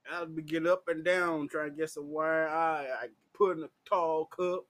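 A tipsy man telling a crude personal story in casual, profane vlog style, laughing often and shouting when he gets heated. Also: flat delivery, normal speed. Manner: loud, crude and laughing, swings into high shouting. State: drunk. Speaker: vlogger.

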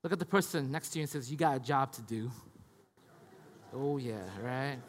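A man in his thirties, a pastor preaching a conversational sermon, often asking "right?" and moving between hushed and loud passages. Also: mid-range voice, measured pace, in a large hall, a faint crowd. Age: 30s. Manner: conversational, tag questions, swings from hushed to loud.

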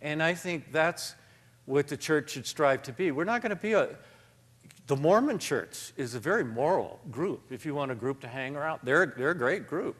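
A man's voice: on the high side, expressive, moderate pace, fairly bright tone. A man in a reverberant hall, reflective. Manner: thoughtful, self-deprecating, reads passages aloud. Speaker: author and guest speaker. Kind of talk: live onstage conversation.

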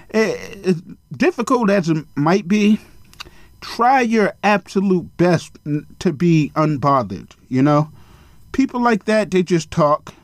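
A man hosting his own podcast in a casual solo monologue, speaking bluntly with lots of swearing and rambling tangents. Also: no echo. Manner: mocking high-pitched impressions of others. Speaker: podcast host.

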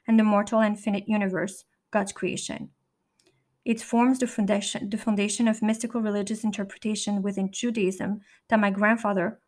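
A woman's voice: medium pitch, a little mellow. A middle-aged woman reading her own memoir in the first person, candid and blunt, with occasional restarts and swearing. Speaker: memoir narrator.

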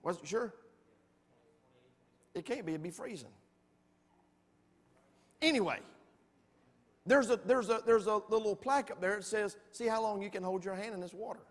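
Man, pastor, high-pitched, emphatic storytelling sermon, church hall reverb. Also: normal speed, pauses often. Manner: animated storytelling, folksy, emphatic.

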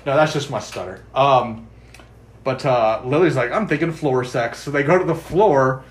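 A man's voice: mid-range voice, normal speed, a little hiss or hum. Chatty man retelling an episode. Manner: chatty storyteller, quotes characters in lively asides. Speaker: podcast co-host. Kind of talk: casual chat recapping a TV episode.

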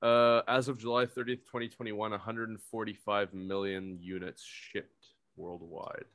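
Young male co-host, low voice, blunt and profane, ranting between reading stats. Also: level tone, moderate pace. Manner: profane, loud outbursts, reads figures off a screen. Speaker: podcast co-host. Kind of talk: casual chat.

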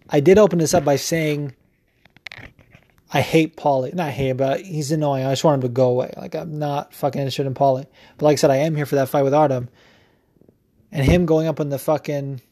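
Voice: medium pitch, dark tone, dry recording, clean studio sound. A podcast host in a casual, profane opinion rant, rambling with lots of fillers. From United States.

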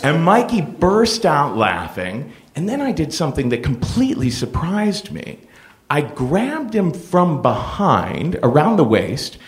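Man, podcast host, playful storyteller, fairly high voice, lively pitch. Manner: animated, playful, full of impressions. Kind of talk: personal storytelling.

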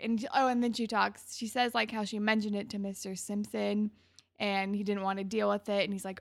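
A woman's voice: mid-range voice, little pitch movement, normal speed, vocal fry. A young woman co-hosting a casual TV recap chat, retelling scenes with quoted dialogue. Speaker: podcast co-host.

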